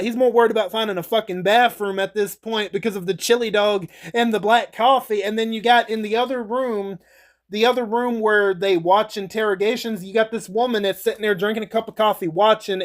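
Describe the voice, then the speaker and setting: A man with a notably high voice talks through movie scenes in a loose, rambling recap. He is casual and a little crude, tossing in swear words and chuckles as he goes. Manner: rambling, chatty retelling with frequent laughs and swearing. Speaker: YouTuber reviewing movies.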